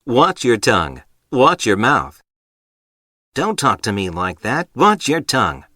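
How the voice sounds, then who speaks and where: Guy reading english example lines, animated pitch, dry booth sound. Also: a little slow, no room sound. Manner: even, careful read of example sentences. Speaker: lesson narrator reading example sentences. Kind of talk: scripted English lesson reading.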